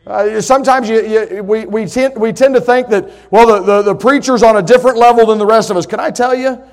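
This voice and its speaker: A middle-aged man, preaching a sermon with folksy stories that build to loud, emphatic points. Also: high-pitched, a little fast. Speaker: pastor. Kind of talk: sermon with personal story.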